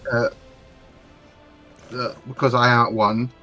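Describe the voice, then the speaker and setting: A man planning his turn at a tabletop game, hesitant and full of fillers as he thinks aloud. His voice is mid-pitched, with faint music behind it. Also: flat delivery, a little slow, sharp tone. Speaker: player. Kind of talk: casual tabletop play.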